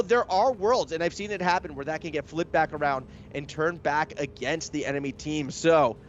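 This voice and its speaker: A man's voice: a little high, highs cut off, slight background noise. A young man giving live commentary on an esports match, chatty and analytical, speeding up when the action heats up. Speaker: esports caster.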